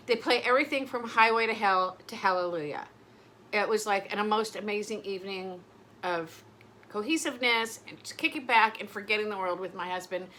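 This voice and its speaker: A woman's voice: mid-range voice, bright, forceful tone, slight background noise. A middle-aged woman vlogging in casual chat, rambling and emotional, often breaking off mid-sentence. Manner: rambling, emotional, self-interrupting.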